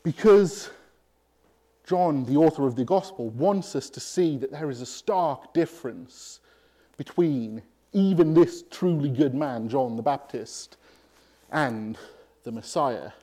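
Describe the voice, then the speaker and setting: Male preacher, mellow warm voice, emphatic, slow deliberate phrasing. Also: medium pitch. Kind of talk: sermon.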